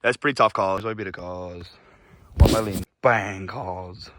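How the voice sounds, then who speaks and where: An Australian man vlogging casually outdoors on a bush walk, swearing and getting excited, recorded on a handheld camera. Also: deep voice, measured pace, a little hiss or hum. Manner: sweary, excitable, shouts to test the echo. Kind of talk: casual vlog chat while hiking.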